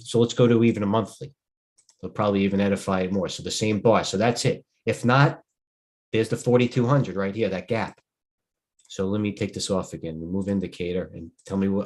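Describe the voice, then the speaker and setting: A middle-aged man with a fairly low voice talks through stock charts on a live stream. He is a little tired and rambles, thinking aloud and breaking off mid-sentence. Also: a little mellow. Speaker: stock trading host. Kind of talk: live trading stream commentary.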